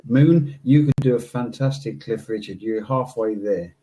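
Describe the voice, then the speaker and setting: A man's voice: medium pitch, normal speed, crowd noise, poor audio. A man with a Lincolnshire English accent, joining a casual live-stream chat as a guest and teasing the host. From England. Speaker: guest caller.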